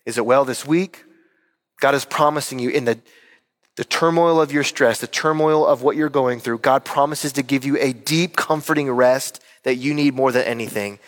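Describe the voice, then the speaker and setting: A man's voice: medium pitch, normal speed, big-room sound. A man preaching a sermon as pastor, earnest and emphatic, repeating key words for weight. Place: church hall.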